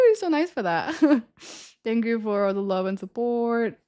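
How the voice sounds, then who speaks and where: Chatty young woman streamer, slightly high voice. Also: animated, measured pace, warm tone, smooth. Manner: rambling, chatty, with frequent laughter and "like" fillers. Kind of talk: casual storytelling chat.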